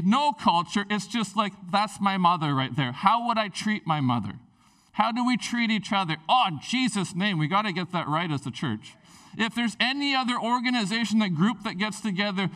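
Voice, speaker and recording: Preaching man, heard from a distance. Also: high voice. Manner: animated storytelling, swinging from loud bursts to hushed tones. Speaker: pastor. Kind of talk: sermon.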